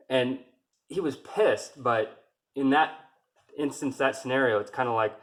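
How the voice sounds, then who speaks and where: A man's voice: mid-range voice, moderate pace, fairly bright tone. A man telling his own army story in a loose, rambling way, cursing freely and restarting his sentences often. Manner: rambling and profane, with many restarts. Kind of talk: casual storytelling.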